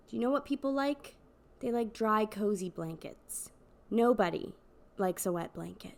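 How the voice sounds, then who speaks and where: Sarcastic woman podcaster, gravelly voice. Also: medium pitch, lively intonation, normal speed. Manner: wry, sarcastic storytelling with sudden loud outbursts. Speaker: podcast host. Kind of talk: comedic monologue.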